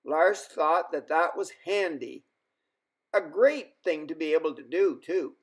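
A man reading a children's story aloud as a storyteller, in an expressive way. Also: a little high, slightly rough. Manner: slow, expressive.

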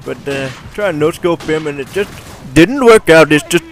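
A man giving casual, rambling commentary over his own gameplay, excitable and swearing often into a desktop mic. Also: a little high, moderate pace, gravelly, a little hiss or hum.

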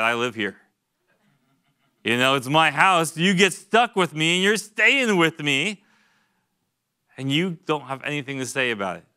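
A young pastor with a slightly high voice, bright, forward and cleanly ringing, gives a relaxed, chatty church sermon. He teaches conversationally, tossing in quick jokes and asides and sometimes repeating a word while he collects his thoughts.

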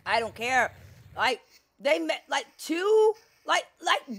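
A woman playing a video game and commenting on it, exasperated, swearing and crying out loudly at the game. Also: high-pitched, very animated, takes it slowly. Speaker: gameplay streamer. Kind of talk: gameplay commentary.

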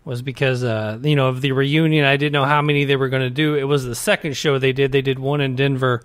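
A man co-hosting a podcast in relaxed casual chat, leaning on lots of fillers and laughing easily. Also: mid-range voice, quick pace, clear, resonant tone, no room sound. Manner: easygoing, filler-heavy, laughs often. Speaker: podcast co-host.

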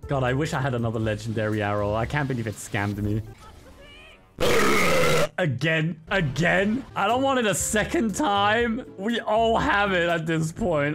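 A young man doing live gameplay commentary as a streamer, swinging between loud, swearing outbursts and low, sulky grumbling. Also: expressive, moderate pace, soft background music. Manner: swears freely. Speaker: gaming streamer.

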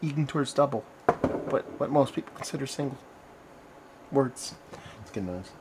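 A man's voice: mid-range voice, animated, moderate pace, very noisy. Rambling man reviewing beer on camera. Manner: rambling, conversational, self-correcting. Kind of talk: casual video review.

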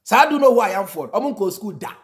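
A Ghanaian man with a fairly high voice gives heated reaction commentary. He hammers his points home by repeating lines, drifting now and then into a sing-song chant. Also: big pitch swings, racing. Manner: emphatic, mixing in snatches of singing and laughter, repeating lines for effect. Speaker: reaction video host.

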